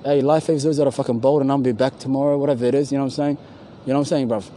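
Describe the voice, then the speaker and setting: Fast-talking profane man outdoors. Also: mid-range voice, steady tone, dark tone, a little hiss or hum, low-quality recording. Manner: rambling, profane, loses his words, slangy. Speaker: podcast co-host. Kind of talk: casual profane street chat. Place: outdoors at a university campus.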